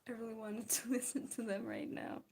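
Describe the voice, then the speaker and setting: A woman's voice: a little high, very animated, normal speed, gravelly, darkish tone, breathy edge. A young woman streaming while she draws, chatting casually with her viewers, giggling often and answering their comments. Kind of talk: casual chat while drawing.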